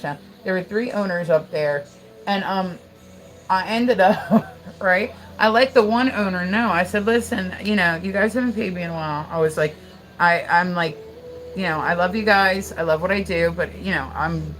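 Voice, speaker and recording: A woman's voice: fairly low pitch, low-quality recording. A woman livestreaming, chatting casually and swearing freely as she tells a story and thanks her viewers.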